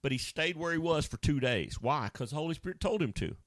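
A man preaching a sermon, animated, acting out Bible scenes and now and then jumping into high wailing voices. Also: fairly quick, dry recording, clean studio sound.

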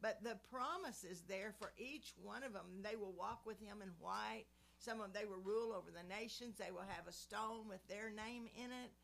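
A woman's voice: medium pitch, normal speed, gravelly, fairly bright tone. A woman in her seventies praying and giving an earnest devotional teaching. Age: 70s. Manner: earnest, preacherly. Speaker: Christian speaker.

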